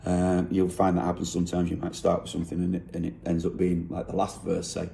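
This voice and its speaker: A songwriter explaining how he wrote a song lyric. He thinks aloud in an unhurried way and often corrects himself. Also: deep voice, completely flat delivery, creaky, mellow, slight background noise.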